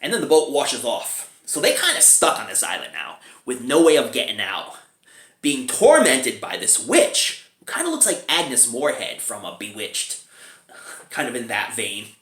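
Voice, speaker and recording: A man talks through a film review in a loose, chatty way, breaking into chuckles between remarks. His pitch swings up and down with lively inflection. He sounds like he is in a roomy, echoey space. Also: moderate pace.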